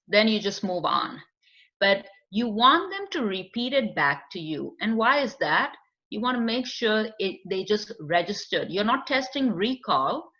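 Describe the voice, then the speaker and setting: A woman's voice: fairly high pitch, pushed and bright. A woman with a non-native accent, explaining a screening test in a training lecture with many fillers. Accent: non-native English. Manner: explanatory, with fillers and acted client quotes. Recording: dull lo-fi recording.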